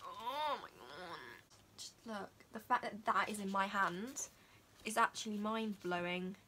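Teenage girl, dramatic, gushing, quick, bright. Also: mid-range voice, a little hiss or hum. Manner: gushing, dramatic, fast-talking. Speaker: beauty vlogger. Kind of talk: excited haul chat.

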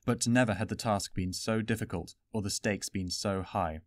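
A man narrating a fantasy adventure story in an even, steady storytelling manner. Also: lowish voice, normal speed, no room sound. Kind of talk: audiobook fan reading.

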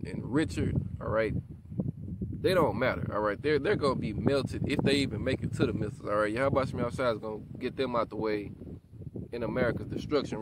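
A man preaching outdoors to a self-filmed camera, reading scripture in old formal wording and checking in with "all right?" after nearly every point. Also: medium pitch. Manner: peppers talk with "all right?" and "you know what I'm saying". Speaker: street preacher. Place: outdoors in a rural spot. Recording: loud wind noise outdoors.

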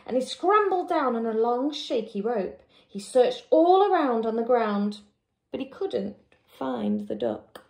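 A woman reads a children's storybook aloud, slow and deliberate. Her voice sits fairly high with a gravelly edge. She draws the words out expressively. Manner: expressive, drawn-out, lively character voices. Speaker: teacher reading a picture book.

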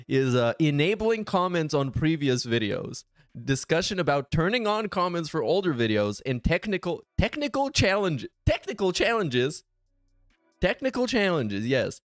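Sarcastic swearing guy doing reaction commentary, kinda high voice, dry sound. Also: no room sound. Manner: sarcastic, profane, exasperated. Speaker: commentary channel host.

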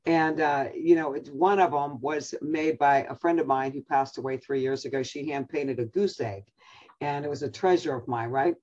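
Over a video call, an older woman who teaches the Bible chats and shares a family story, laughing often, before getting to her message. Her husky voice sits low and is a little mellow, moving at normal speed, with the high frequencies cut off.

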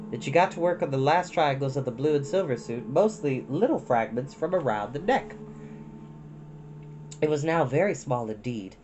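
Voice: mid-range voice, low-quality recording. A storyteller reading a chapter book aloud, breaking off for chatty, folksy asides to listeners.

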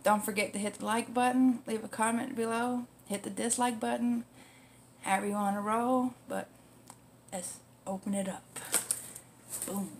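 Woman, vlogger, unhurried drawl, fairly high voice, laughs a lot, cusses freely. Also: a little hiss or hum. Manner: chatty, laughing often, salty language; emotional, near tears when thanking. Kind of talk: casual unboxing vlog.

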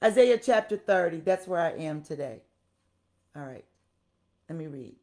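A woman's voice: low voice, animated, normal speed, dark tone. A woman preaching a sermon with passion, repeating phrases for emphasis and talking straight to her listeners. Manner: talks directly to the congregation.

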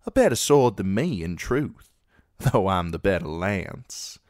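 A man voicing a courteous, guarded young knight in a measured, polite way. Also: low-pitched, big pitch swings, darkish tone, no echo, studio quality.

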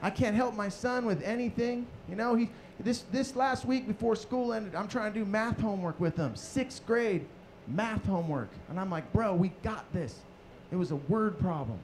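A man's voice: high-pitched, normal speed, a little hiss or hum. A man, a father, telling an exasperated stand-up story. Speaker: stand-up comedian. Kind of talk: stand-up comedy.

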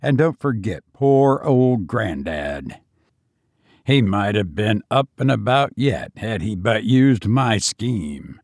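A stubborn old banker on his deathbed, as a male narrator puts him on, talks in a gruff, blunt, businesslike way. His voice is low and dragging, as he fights off death in a storybook tale. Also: sing-song, takes it slowly, a little mellow, dry recording, studio quality, exaggerated voice. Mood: defiant.

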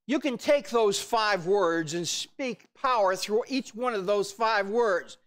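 High-voiced preaching man, emphatic. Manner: emphatic preaching that swells into shouts. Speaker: pastor. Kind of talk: sermon. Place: church.

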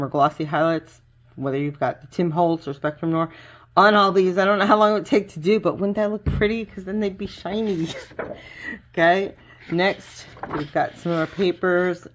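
Middle-aged woman, lowish voice, gushing home crafter, chatty show-and-tell, faint hiss behind. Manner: chatty and gushing, lots of fillers. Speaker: craft vlogger. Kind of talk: casual unboxing show-and-tell.

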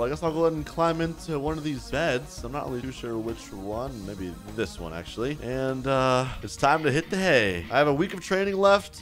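A young man hosting a gaming video, excitedly narrating his own role-play and voicing other characters in his own voice. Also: medium pitch.

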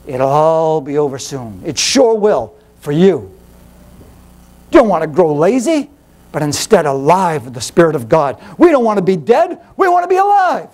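A male pastor preaching a sermon in an animated, rhetorical way, firing questions at the congregation. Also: extremely high pitch.

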